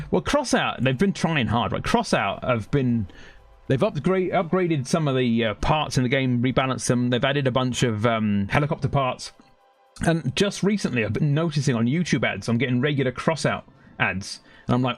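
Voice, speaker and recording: Husky London-accented man streaming a game. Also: medium pitch, lively intonation, normal speed, faint music behind. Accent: London English. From Britain. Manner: rambling, self-interrupting, reacting to the game mid-sentence. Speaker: gaming streamer. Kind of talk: casual live-stream chat over gameplay.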